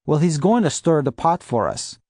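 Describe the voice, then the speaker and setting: A man voicing a supportive young wife on the phone in an audiobook, eager and warm. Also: fairly high pitch, very animated, moderate pace, dry recording, studio quality. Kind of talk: audiobook character voice.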